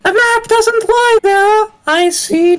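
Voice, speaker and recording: A streamer voicing a brash, reckless demon student in a much higher voice, shouting gleefully while reading game dialogue aloud with friends. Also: slow pace, soft background music, exaggerated voice. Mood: manic. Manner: shouty, gleeful, over the top.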